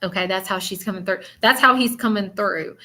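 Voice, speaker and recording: A woman's voice: mid-range voice, a little fast, bright, forceful tone. A woman with a Southern accent hosting a live psychic reading, chatty and blunt with many fillers. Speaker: spiritual medium.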